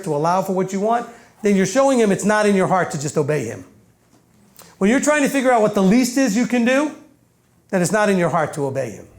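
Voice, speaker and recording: A man with a fairly high voice gives a sermon in an earnest, conversational way. He slows and softens on his main points and lightly acts out the voices he quotes. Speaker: teacher.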